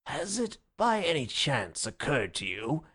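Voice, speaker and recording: A man's voice: on the high side, sing-song, fairly bright tone, breathy edge, pitched above the performer's own voice, heavily acted. A man doing a ponderous older professor. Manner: slow, weighty delivery. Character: ponderous, plain-spoken older male professor. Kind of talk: audiobook character voice.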